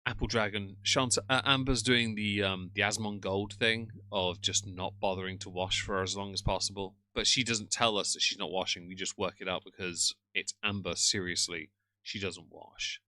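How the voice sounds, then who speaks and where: A man's voice: on the low side, steady tone, moderate pace, sharp tone, no room sound. A man doing sarcastic live-stream commentary, with chatty asides to his pets and viewers, on a headphone mic. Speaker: live streamer reacting to a video. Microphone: headphones with a cable.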